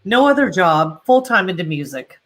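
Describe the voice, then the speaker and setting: A woman's voice: lowish voice, sing-song, normal speed. A woman hosting a casual chat, reading viewer comments and moving things along. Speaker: host.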